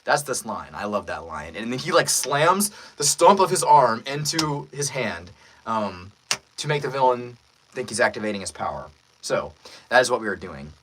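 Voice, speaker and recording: A man who is a voice actor, chatting casually on a live stream in an animated way and laughing often. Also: medium pitch, normal speed, slight background noise, low-quality recording.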